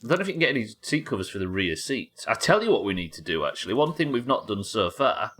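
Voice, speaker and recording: A man's voice: on the low side, very animated, quick pace, fairly bright tone. A man chatting casually and joking while he plays a game on a live stream. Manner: chatty, joking, swears freely. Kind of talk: casual gameplay commentary.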